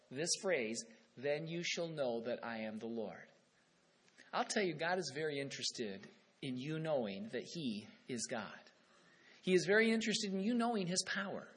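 A husky-voiced man preaches a sermon, his voice sitting a little higher than most men's. He reads scripture with swelling emphasis, then drops into a relaxed, conversational aside to explain it. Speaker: pastor.

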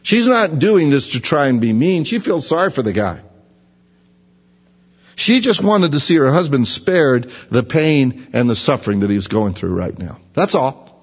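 A man's voice: mid-range voice, sing-song, normal speed, breathy edge. A man preaching a sermon, teaching through a Bible passage in a folksy, conversational way. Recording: lo-fi recording with long hall reverb.

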